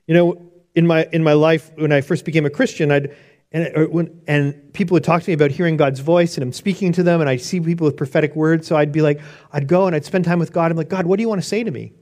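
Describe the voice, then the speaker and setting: A man's voice: a little high, fairly even intonation, quick pace, darkish tone. A man preaching a sermon on prayer in an earnest, conversational way, often restarting his sentences. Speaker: pastor.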